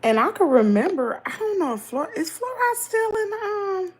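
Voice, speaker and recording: A middle-aged woman with a Southern American accent hosts a livestream, chatting casually and reading viewer comments in a lively, talkative way. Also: very high-pitched, normal speed. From Southern United States. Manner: chatty, animated, laughs easily. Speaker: livestream host.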